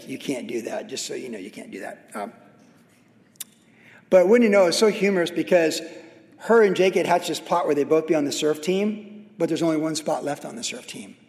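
A middle-aged man preaches casually, weaving in funny family anecdotes. His voice sits high, and a long hall reverb trails behind each phrase in the church hall. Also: a little mellow. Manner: conversational, anecdotal and humorous. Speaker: pastor. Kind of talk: sermon.

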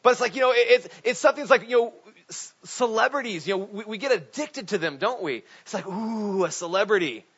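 A man preaching a sermon in a chatty, animated way, with frequent restarts and asides. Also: very high-pitched, fast talker, breathy edge. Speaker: pastor. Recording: dull lo-fi recording.

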